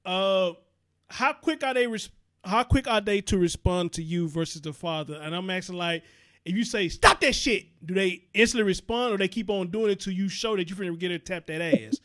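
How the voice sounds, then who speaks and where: High-voiced, laughing male host. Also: fairly quick, fairly bright tone. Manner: laughing, encouraging, slangy. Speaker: show host. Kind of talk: casual interview.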